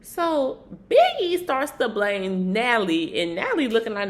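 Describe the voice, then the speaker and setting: A woman casually recapping a reality show in an animated, slangy, gossipy way. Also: a little high, unhurried, few pauses. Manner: animated, slangy, slips into acted quotes.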